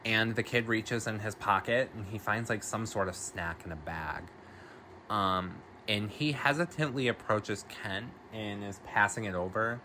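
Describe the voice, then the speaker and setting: Brief: relaxed recap host, slow delivery, filler-heavy, foul-mouthed, faint background hiss. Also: mid-range voice. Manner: rambling, filler-heavy, swears freely. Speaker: podcast host. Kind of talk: casual film recap.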